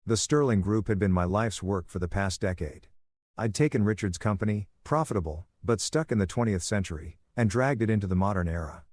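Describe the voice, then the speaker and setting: Calm, low-voiced male story narrator. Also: a little fast, no echo, studio quality. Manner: calm, soothing reading. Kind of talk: first-person story narration.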